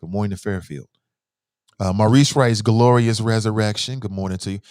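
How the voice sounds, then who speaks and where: A man with a lowish, slightly mellow voice hosts a call-in talk show, talking a little fast in a clean studio recording with no room sound. He's an adult with kids who gives casual, opinionated commentary, loose and blunt, full of slang and swearing, and he reads listener messages aloud.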